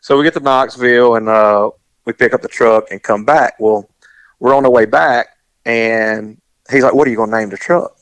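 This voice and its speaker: A man's voice: mid-range voice, moderate pace, clean tone, no room sound. A man telling a story in casual chat and acting out the dialogue as he goes. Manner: animated, acts out the dialogue in his story.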